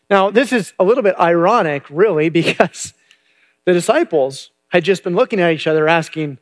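High-voiced male preacher retelling a story. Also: lively intonation, normal speed. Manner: conversational, repeats words while thinking. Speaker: pastor. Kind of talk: sermon retelling a Bible story.

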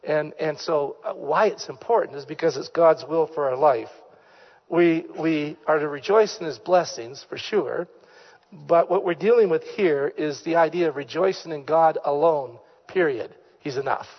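A pastor preaching a sermon in church, with emphatic delivery, repeated key phrases and questions put to the congregation. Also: male voice, fairly high pitch, moderate pace, big-room sound, dull audio. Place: church sanctuary.

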